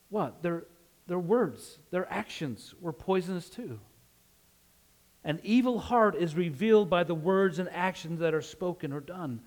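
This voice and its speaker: A man's voice: high voice, a little mellow. A man from Utah with a slight Western drawl, preaching a conversational sermon and often asking "right?". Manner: conversational, asks "right?" often, laughs easily.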